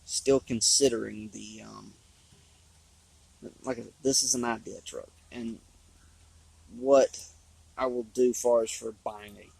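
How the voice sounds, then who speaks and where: A man, chatting casually and rambling about his hobby, his voice hoarse from talking a long time. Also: medium pitch, steady tone, slow, long pauses, darkish tone, no echo, rough recording. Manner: rambling, drawling, with restarts. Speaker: RC hobby vlogger. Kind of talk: casual trailside chat. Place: outdoors on a trail.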